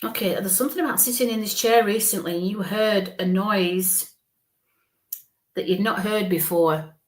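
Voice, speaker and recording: Lady doing a psychic reading, gentle and reassuring, keeps saying okay?. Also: medium pitch, moderate pace. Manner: gentle, reassuring, often ends phrases with "okay?". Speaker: psychic medium.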